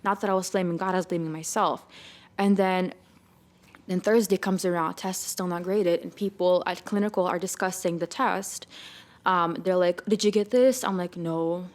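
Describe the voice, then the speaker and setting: A young woman, a podcast guest, telling a lively personal faith story and acting out her own thoughts in quotes. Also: lowish voice, moderate pace. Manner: animated storytelling with quoted inner dialogue. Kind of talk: casual faith testimony.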